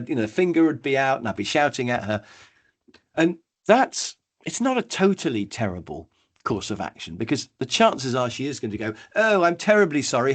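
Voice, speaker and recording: Guy running a webinar workshop, husky voice, bounces all over the place telling a story. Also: medium pitch. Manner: lively storytelling, acts out quoted people. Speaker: workshop trainer. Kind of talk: webinar training talk.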